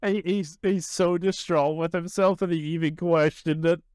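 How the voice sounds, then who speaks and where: Smooth-voiced man thinking aloud. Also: on the high side, steady tone, normal speed, a little mellow, no room sound, clean studio sound. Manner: thinks aloud, reasoning through plans. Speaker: podcast co-host playing along. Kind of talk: casual improvised chat.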